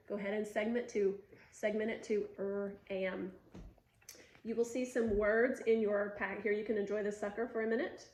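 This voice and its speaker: A patient woman teacher coaches speech sounds in short cues and slow, drawn-out demonstrations. Her mid-range voice carries a noticeable room echo. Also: medium pitch. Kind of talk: instructional demonstration. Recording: roomy echo.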